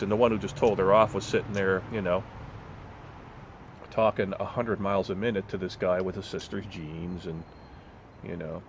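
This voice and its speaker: Very deep-voiced man ranting, blunt and profane. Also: a little hiss or hum. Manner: blunt, swearing, storytelling with mocking voices. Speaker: vlogger. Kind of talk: profane casual rant.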